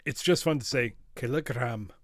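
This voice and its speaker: A man's voice: medium pitch, normal speed, dry recording, studio quality. A man streaming a retro game live, chatting playfully with his viewers and laughing often. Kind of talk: live gaming commentary.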